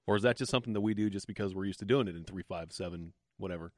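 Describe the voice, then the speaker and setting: A man hosts the interview with a low voice, asking measured questions and circling back to rephrase them. The sound is close and dry. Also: no echo. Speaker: podcast host.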